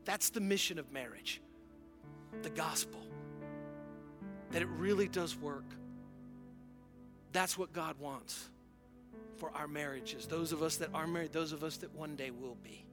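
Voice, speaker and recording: Middle-aged male pastor with a raised pitch, earnest, restarts often, preaching with music under him. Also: a little slow, pauses often. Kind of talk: sermon. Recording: music playing softly behind.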